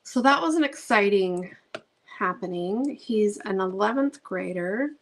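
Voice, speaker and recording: A woman's voice: mid-range voice, expressive, unhurried, poor audio. A middle-aged woman, a craft channel host chatting casually while she paints, gushing storyteller with many ums.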